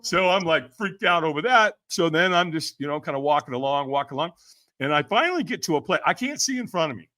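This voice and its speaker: A man's voice: fairly high pitch, expressive, fast talker, pushed and bright. A man guest on a podcast telling a story with lots of energy. He acts out the people he quotes, laughs often and keeps saying "man" and "right?". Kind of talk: animated storytelling.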